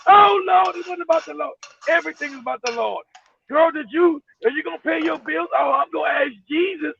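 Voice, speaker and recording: A man's voice: very high voice, fairly quick, gravelly, a bit bright, far from the mic, a little hiss or hum, full character voice. A man putting on a devout churchy woman who cries out to the Lord in exaggerated wailing prayer, heard over a tinny phone-like line. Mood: pleading.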